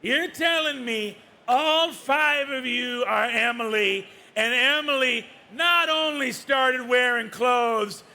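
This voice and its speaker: A man's voice: extremely high pitch, takes it slowly, vocal fry, hardly any pauses, pushed and bright, exaggerated voice. A man voicing an ancient male kobold mechanic who talks in a blustering, incredulous way. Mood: bewildered.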